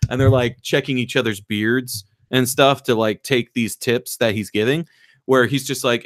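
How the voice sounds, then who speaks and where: A man on a podcast excitedly retelling a movie plot, acting out the lines in raised voices and swearing freely. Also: mid-range voice, moderate pace, no room sound, studio quality. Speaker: podcast co-host. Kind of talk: casual chat, retelling a movie.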